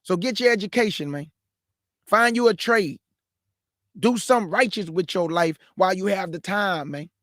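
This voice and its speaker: High-voiced guy preaching live, fired up, repeats himself a lot, dry close sound. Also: moderate pace, fairly bright tone, no echo. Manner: fervent and repetitive, calls listeners man and family. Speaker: host and preacher. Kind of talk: live exhortation to young people.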